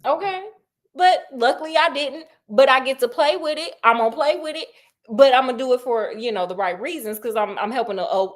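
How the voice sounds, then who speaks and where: A woman storyteller retelling a classic mystery in an animated, slangy way, asking her listeners questions. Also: high-pitched.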